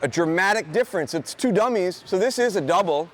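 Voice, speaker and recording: In a high school gym, a dog trainer gives students a live demonstration, explaining conversationally and tossing in short commands to the dog. His voice sits high, expressive and fairly quick, with background noise.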